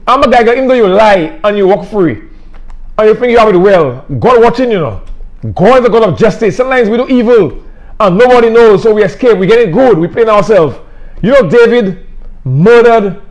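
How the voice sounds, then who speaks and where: Middle-aged Saint Lucian male preacher, high-pitched, earnest and repetitive delivery. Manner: emphatic, repetitive, plain-spoken. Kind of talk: sermon.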